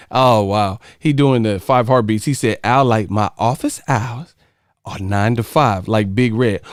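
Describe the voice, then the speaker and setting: A man's voice: fairly low pitch, clean tone, no echo, studio quality. A man hosting a casual livestream chat, joking with viewers and breaking into sung snippets and movie impressions. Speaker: livestream host.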